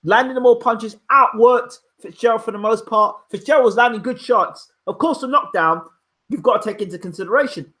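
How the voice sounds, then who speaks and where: A man's voice: very high voice, a little fast, pushed and bright. A man hosting casual live boxing commentary, opinionated and emphatic, repeating his points. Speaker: boxing pundit and channel host. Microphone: home microphone, audio only.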